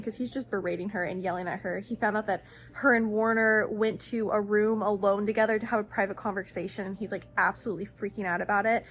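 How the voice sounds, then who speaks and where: A woman's voice: mid-range voice, steady tone, moderate pace, gravelly, fairly bright tone. A young woman chatting casually as she recaps a book series, gushing and swearing freely. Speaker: book vlogger.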